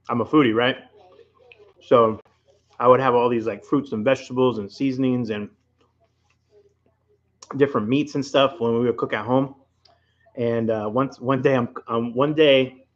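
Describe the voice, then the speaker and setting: A man with a Rhode Island accent hosts a casual late-night livestream from home, rambling and chatting directly to his viewers. His voice is medium in pitch, and the sound is lo-fi.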